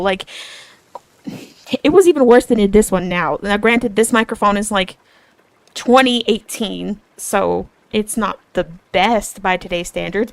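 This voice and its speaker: A young woman streaming as a VTuber, chatting casually and self-deprecatingly, giggling often and bursting into excited quoted asides. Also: mid-range voice, vocal fry, no room sound, rough recording. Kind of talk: casual chat.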